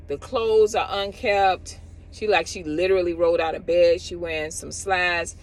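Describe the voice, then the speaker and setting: A woman's voice: fairly low pitch, moderate pace, slight background noise, poor audio. A middle-aged woman, a cosmetologist giving casual advice outdoors and acting out other people's lines as she talks. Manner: animated, acts out others in quotes.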